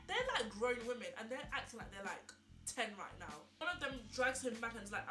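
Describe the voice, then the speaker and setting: Young woman vlogger, higher bright voice, chatty storyteller, echoey room with faint music. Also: brisk. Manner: animated, incredulous, lots of "like" and repeated questions. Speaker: beauty vlogger. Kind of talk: chatty get-ready-with-me storytelling.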